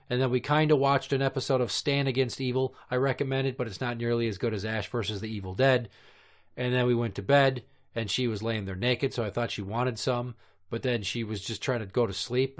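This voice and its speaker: Male podcast host in his thirties, mid-pitched, crude comic storyteller who rambles in long profane rants. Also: fairly even intonation, a little fast.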